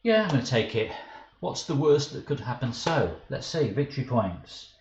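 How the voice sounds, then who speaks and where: Thinking aloud over a live card game stream, this man turns flustered and pokes fun at himself when he makes mistakes. His medium-pitched voice is sing-song and a little mellow at a moderate pace, heard through dull, roomy audio with faint hiss.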